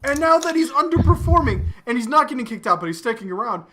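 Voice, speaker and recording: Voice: sits high, sing-song, fast, background noise. A podcast co-host in casual chat, ranting with exasperation and lots of swearing. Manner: profane, exasperated ranting with acted quotes.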